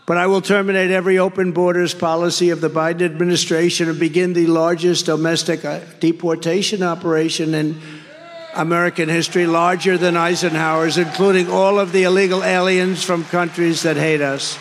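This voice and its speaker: A man's voice: on the high side, level tone, a little fast, a little hiss or hum. A man giving a campaign rally speech, rambling and repetitive, with heavy emphasis. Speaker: political candidate at a rally. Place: large rally venue. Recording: long hall reverb.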